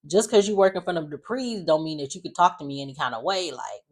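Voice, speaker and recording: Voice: medium pitch, animated, fairly quick, breathy edge. A recapper voicing an indignant middle-aged mother from a soap opera, scolding her grown daughter in a sassy, raised voice.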